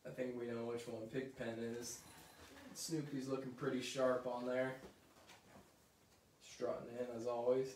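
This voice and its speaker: A man reading a children's book aloud at a middle pitch, adding chatty asides as he goes. The room echoes, and he sits back from the mic. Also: little pitch movement, a little slow, pauses often, background noise. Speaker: story reader. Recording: roomy echo, mic at a distance.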